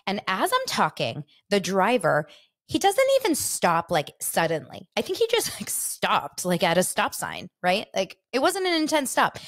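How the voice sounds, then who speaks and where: A woman hosting a casual chat show, telling a rambling story full of fillers. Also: on the low side. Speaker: podcast host.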